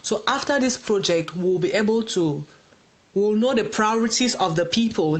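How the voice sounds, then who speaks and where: A woman hosting a livestream for a community group, explaining things patiently and reading viewer questions aloud. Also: lowish voice. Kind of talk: live Q&A on a Facebook stream.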